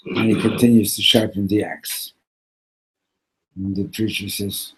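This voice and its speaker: Husky, low-voiced rabbi telling stories. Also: male voice, unhurried, poor audio. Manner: animated storyteller, acts out the characters, sprinkles in Yiddish and Hebrew words. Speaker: rabbi teaching a class. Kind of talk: Torah class storytelling.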